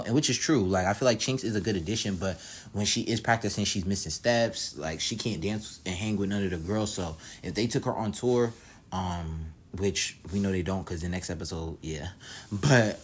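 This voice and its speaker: Brief: man reviewer, low voice, loose profane slang, easygoing episode recap. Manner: slangy, profane, laid-back storytelling. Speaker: reality show reviewer.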